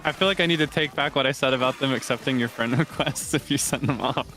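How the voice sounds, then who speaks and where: A male streamer chatting casually during a game stream, giggly and quick to burst into laughing fits. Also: bright, forceful tone, faint music behind. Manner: giggly, breaks into frequent high laughing fits. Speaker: streamer host.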